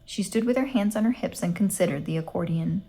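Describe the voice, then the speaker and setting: A woman reading a children's picture book aloud in an expressive, dryly humorous storyteller's manner. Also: fairly low pitch, brisk, husky. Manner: expressive, dry storyteller's delivery.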